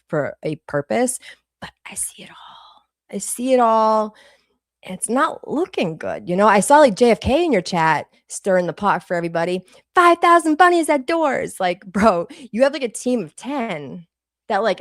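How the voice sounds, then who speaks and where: A Boston woman hosting a livestream, talking through online drama in a blunt, sarcastic way and swearing freely. Her voice sits at a middle pitch. The sound is dry and close, with no room around it. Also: no echo. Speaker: livestream host. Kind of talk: casual commentary livestream.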